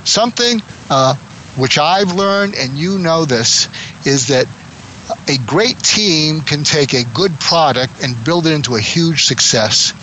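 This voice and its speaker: Man, impression of a tech founder, blunt, profane, boastful, slightly high voice, video call. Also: expressive, a little slow, bright, forceful tone, a little hiss or hum, low-quality recording. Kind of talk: improvised role-play talk.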